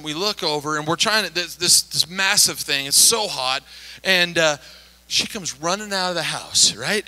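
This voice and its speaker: High, bright-voiced animated pastor. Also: male voice, low-quality recording. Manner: animated, acts out quoted voices. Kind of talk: storytelling sermon.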